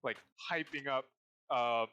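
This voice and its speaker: A man's voice: mid-range voice, unhurried, sharp tone, clean tone, muffled recording. A man narrating a tabletop game as game master, rambling and repeating words as he goes.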